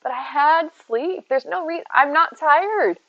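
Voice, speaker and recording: An American woman streams from home, chatting casually with viewers and answering them by name as she rambles from one thought to the next. Her voice is a little high and her pace slow. The audio is dull and lo-fi, typical of a modest stream setup, with no room sound.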